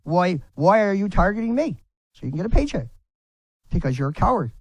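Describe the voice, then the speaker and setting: A man delivering a furious, profanity-laden rant to camera, breaking into shouts. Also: sits high, very animated, a little fast, dry recording, poor audio. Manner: furious, swearing, shouting in bursts.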